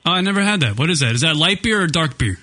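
A man hosting a talk radio show, opening loudly and teasing callers with mocking banter. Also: a little high, lively intonation, quick pace.

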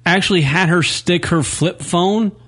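A man co-hosting an internet radio show, ranting in loud, profane, crude banter. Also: sits high, unhurried, breathy edge. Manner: loud, profane, riffing rants.

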